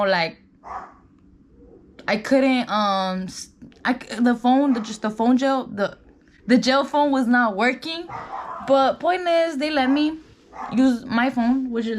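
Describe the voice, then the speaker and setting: Chatty young woman with roots, high voice. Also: a little hiss or hum. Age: young adult. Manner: chatty, filler-heavy, "like" and "you guys". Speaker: vlogger. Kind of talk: storytime while doing makeup. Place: indoors at home.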